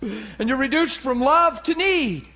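Animated high-voiced male pastor preaching. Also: normal speed. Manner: animated, acts out voices and sound effects. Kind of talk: sermon.

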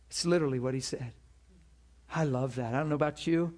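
A man's voice: mid-range voice, fairly quick, long pauses, darkish tone. A man preaching a sermon with passion, praying aloud and telling a story, laughing between points. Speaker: pastor.

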